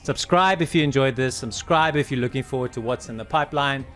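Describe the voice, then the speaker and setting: A man casting a video game match with animated commentary, urging the players on and out of breath. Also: mid-range voice, fairly quick, faint music behind. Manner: animated, urges players on, laughs in disbelief. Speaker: game caster. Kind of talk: excited esports commentary.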